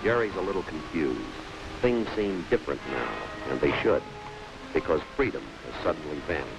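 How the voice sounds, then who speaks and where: A man narrating a 1950s film in a grave, measured way. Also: extremely low pitch, animated, music in the background, poor audio.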